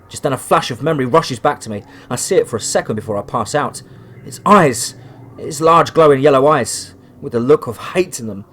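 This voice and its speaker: A man reading a scripted first-person horror story in a steady, measured way. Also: mid-range voice. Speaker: narrator.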